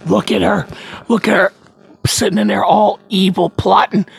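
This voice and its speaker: A man's voice: high voice, steady tone, normal speed, gravelly, a bit bright, breathy edge, dry recording. A young man giving goofy, rambling gameplay commentary, stammering and repeating himself, recorded on a phone mic. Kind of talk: playful let's-play commentary. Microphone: phone mic from screen recording.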